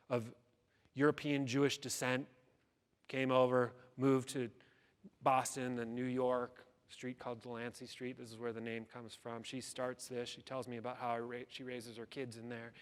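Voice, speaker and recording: A man gives a keynote in a hall with long reverb, telling a story dramatically and quoting its characters in acted-out voices. He speaks at medium pitch and a moderate pace, with a flat delivery and clean tone.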